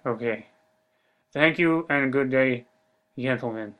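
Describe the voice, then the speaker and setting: A man voicing a huge, slow, overly polite giant man in a flat, formal manner in an improv comedy bit. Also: medium pitch. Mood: deadpan pleading.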